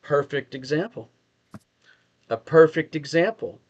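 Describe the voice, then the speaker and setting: A man's voice: on the high side, unhurried, muffled recording. A man with a Texas accent co-hosting a casual political discussion, thinking aloud, restarting sentences and asking questions. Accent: Texan. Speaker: podcast co-host.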